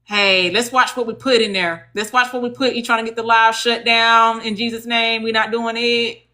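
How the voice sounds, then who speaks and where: Southern woman, bright voice, higher pitch, chatty folksy livestream host. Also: little pitch movement, moderate pace. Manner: chatty, folksy, addresses viewers as y'all. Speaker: legal advocate livestream host. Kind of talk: casual livestream talk.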